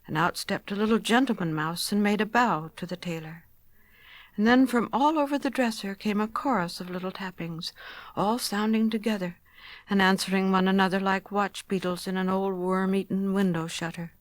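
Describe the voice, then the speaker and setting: Brief: female storyteller, soft children's story reading, middle pitch. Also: normal speed, dry recording.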